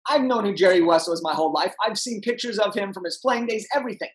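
A young man, a podcast guest, telling an energetic story and acting out the people in it. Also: high voice, fast talker, low-quality recording. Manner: animated, acts out voices in his anecdotes.

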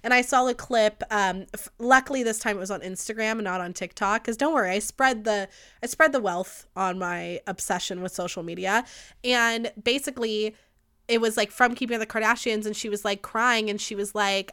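A young woman hosting a podcast, ranting in a casual, profane, gossipy way with fast bursts and a lot of heat. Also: a little high, animated, a bit bright, clean tone. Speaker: podcast host. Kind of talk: casual solo podcast rant. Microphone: studio microphone.

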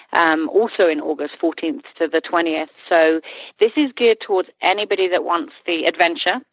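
A woman's voice: low voice, dry recording, muffled recording. A woman guest on a radio talk show, eagerly describing her horse training courses in long rambling lists. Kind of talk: casual radio interview.

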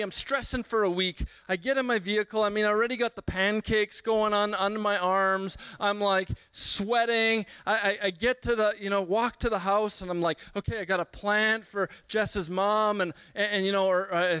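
Young male speaker, bright crisp voice, dry close sound, animated storyteller. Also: high-pitched, no echo. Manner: animated storyteller, self-mocking, many restarts. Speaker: speaker at a church gathering. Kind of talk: humorous personal story in a sermon.

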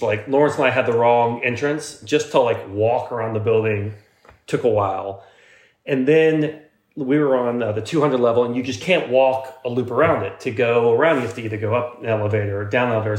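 A man in a casual roundtable chat, recounting a trip in a quick, chatty way. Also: mid-range voice. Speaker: podcast co-host. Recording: echoey room.

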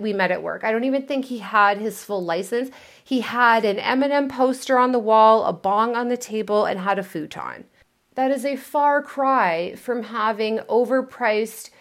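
A woman's voice: medium pitch, fairly bright tone. A woman coaching her listeners on love in a candid, emphatic manner. She speaks in a mid-range voice and doesn't mind dropping a curse word to make her point. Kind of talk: motivational talk.

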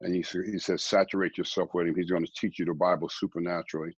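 A middle-aged man, a guest preacher, telling his life story in a rambling, quiet way, often repeating words. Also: low-pitched, flat delivery, fast talker, slightly rough, no room sound, dull audio. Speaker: guest, former baseball player turned preacher. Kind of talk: conversational storytelling.

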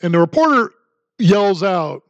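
Man with a high voice, ranting sarcastically through his podcast, dry room. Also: sing-song, unhurried, dry recording, lo-fi sound. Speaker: podcast host. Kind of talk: solo political commentary podcast.

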